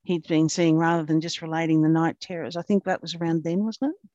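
A woman's voice: sits low, steady tone, brisk, dark tone, no echo, highs cut off. A woman interviewing a guest, asking leading questions that often end in tag questions.

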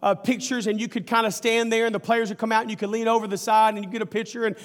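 A man preaching a sermon, telling a story with animated, folksy asides to the congregation. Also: high voice, quick pace, big-room sound. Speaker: pastor.

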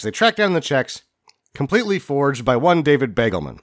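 A man's voice: medium pitch, a little fast. A man co-hosting a comedy movie podcast, telling digressive stories in casual chat. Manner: storytelling, digressive, animated. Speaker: podcast co-host.

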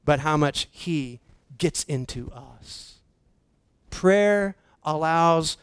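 A man delivers a sermon in a fairly high, light voice. The sound is dry and close, with no room around it. He preaches slowly and emphatically, sinking almost to a hush on the points he wants to land. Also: dry recording, rough recording. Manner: slow, emphatic preaching with dramatic drops to near-whisper. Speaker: pastor.

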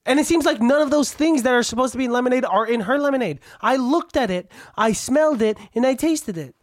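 A woman's voice: high-pitched, lively intonation, quick pace, no room sound, studio quality. A woman playing a defensive, sarcastic lemonade stand owner in an improv comedy scene. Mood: exasperated.

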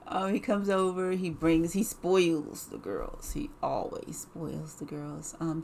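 A woman casually telling a personal story in an animated way, full of "like" and laughs. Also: sits low, gravelly, a little hiss or hum.

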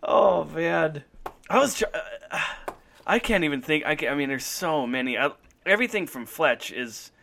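A man in easy conversation whose voice sits slightly high and moves a lot, rising and dipping with energy. He breaks into laughter often and slips into quoted movie lines. The delivery is loose and friendly. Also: expressive, moderate pace, gravelly, a bit bright, slight background noise. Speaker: podcast co-host. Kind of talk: casual chat.

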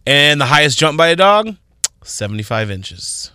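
A man co-hosting a morning radio show, reading out record trivia with quick casual asides in the studio. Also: on the high side, sing-song, bright, forceful tone, smooth, no room sound. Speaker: radio co-host. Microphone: studio microphone.

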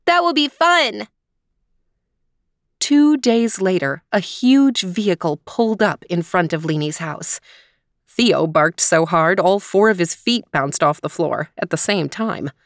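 A woman host narrating a children's story in a gentle, expressive voice. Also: lowish voice, measured pace, no room sound, studio quality.

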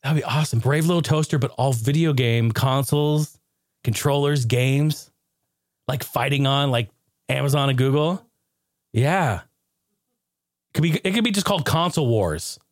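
A man hosting a podcast in loose, casual chat, animated and quick to joke and swear. His pitch is middling and his voice sounds dry and close to the mic. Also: dry recording. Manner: animated, profane, joking. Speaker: podcast host.

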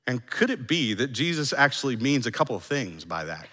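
Male pastor, lively and bright-toned, preaching in a reverberant sanctuary. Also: medium pitch, a little fast, few pauses. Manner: animated, acts out quoted lines. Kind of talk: sermon.

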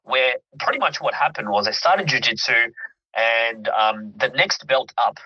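Bright, husky man explaining earnestly. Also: mid-range voice, unhurried. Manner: earnest, emphatic, checks in with listener. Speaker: mindset coach. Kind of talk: interview guest explaining with examples. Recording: dull lo-fi audio.

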